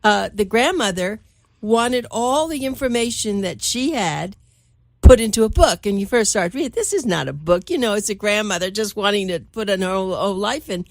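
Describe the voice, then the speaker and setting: A woman's voice: mid-range voice, animated, normal speed, dry recording, clean studio sound. Chatty woman hosting an interview. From Miami Beach, Florida. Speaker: host. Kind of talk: casual interview talk.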